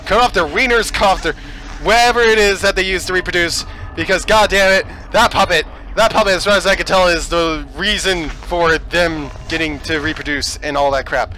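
High, bright, excitable gaming man. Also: normal speed, slight background noise, rough recording. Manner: excitable, swearing, yelling at the game. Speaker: let's play host. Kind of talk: let's play commentary.

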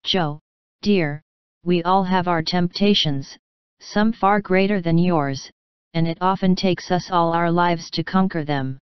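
Woman voicing a tender middle-aged mother, calm, reassuring, low smooth voice, dry sound. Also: a little slow, no echo, muffled recording, natural voice. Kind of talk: storybook reading.

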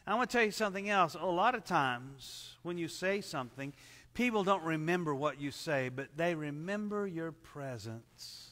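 A man preaching at a church service, earnest and measured, his voice sitting a bit high for a man. He often drops into soft, low tones to drive a point home, and a long reverb trails every phrase. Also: lively intonation. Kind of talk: sermon.

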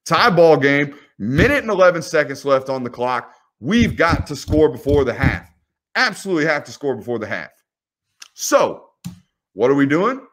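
Animated man breaking down film. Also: on the high side, moderate pace. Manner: animated, teasing, rhetorical questions to players. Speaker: football film breakdown host. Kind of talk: casual video commentary.

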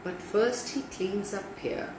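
A woman's voice: medium pitch, slow pace, background noise, natural voice. A woman reads the part of a stern, bearded old sorcerer from a children's storybook. He snaps and threatens in clipped lines. The voice carries a roomy echo. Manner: snapping, threatening.

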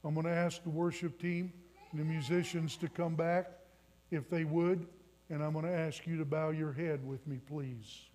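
Earnest young male pastor, higher voice. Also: flat delivery, moderate pace, a little mellow, slight background noise. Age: 20s. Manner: earnest storytelling, swelling to emphatic calls. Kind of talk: sermon. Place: church sanctuary.

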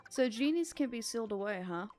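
A woman's voice: fairly high pitch, expressive, a little fast, a little mellow. A woman commenting on a video game as she plays, reading the characters' lines aloud and laughing often. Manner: giggly, reads character lines in playful voices. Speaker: gaming channel host. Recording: faint game music behind.

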